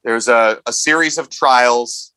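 A man's voice: medium pitch, unhurried, sharp tone, clear, resonant tone, no echo. A man co-hosting a podcast in casual chat, teasing and rambling with mock exasperation. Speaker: podcast co-host.

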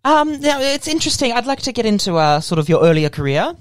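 A man's voice: very high-pitched, big pitch swings, quick pace, clean tone, no echo, studio quality, pitched above the performer's own voice. A man improvising an eager, fawning male actor who stumbles over his words. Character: gushing flustered male actor Wetley Skinner. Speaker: comedy podcast host. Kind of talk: improvised comedy role-play.

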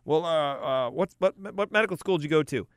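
A man's voice: on the high side, expressive, fairly quick, dry recording, clean studio sound, voice pushed up, close to an everyday voice. A man voicing a flustered, baffled male physician who stammers in disbelief. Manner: stammering, incredulous.

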